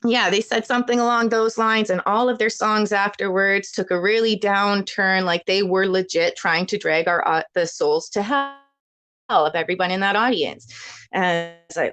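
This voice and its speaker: At home with a child, a woman calls in to a live chat show and tells a long, rambling, chatty story, laughing often. Her mid-range voice is fairly bright at a moderate pace, with no room sound.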